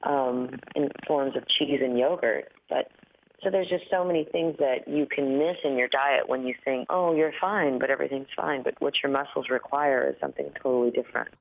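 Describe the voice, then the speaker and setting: A woman talks through a thin, phone-like line, her voice a bit groggy and dry after a red-eye flight. She chats easily as a guest, with fillers and quick laughs along the way. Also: rumbling low, creaky. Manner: chatty, laughs often, many fillers. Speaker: singer and guest. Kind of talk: casual interview chat. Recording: tinny phone-line audio.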